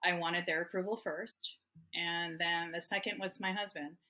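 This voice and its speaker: A woman in her fifties from Hawaii, United States, is a guest author candidly telling personal stories, opening up emotionally and laughing often. Her lowish voice has a steady tone, pushed and bright, at a moderate pace.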